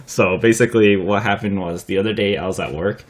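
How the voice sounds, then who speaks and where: A man's voice: lowish voice, fairly even intonation, brisk. A young man hosting a casual vlog, telling a story with frequent laughter, swearing and lots of fillers. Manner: laughs often while talking, swears freely; rambling, filler-heavy delivery. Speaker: vlogger.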